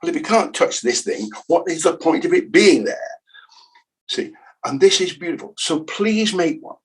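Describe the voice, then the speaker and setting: A man giving a humorous keynote lecture on the history of maths, jokey and animated, repeating words for emphasis. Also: a little high, normal speed, breathy edge, rough recording. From United Kingdom. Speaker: keynote speaker.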